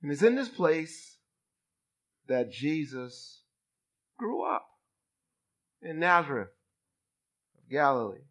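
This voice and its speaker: A man in his fifties from Boston delivers a sermon with a bright, forceful tone. His voice sits a little high and swings widely as he draws the congregation in. He calls out for a response as he preaches. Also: sing-song, slow, long pauses. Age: 50s. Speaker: bishop.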